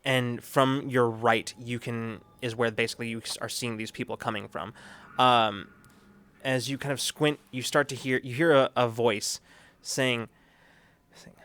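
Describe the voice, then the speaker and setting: A man narrating a tabletop role-playing game as game master, talking in a halting way with many restarts and fillers. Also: medium pitch, steady tone, a bit bright.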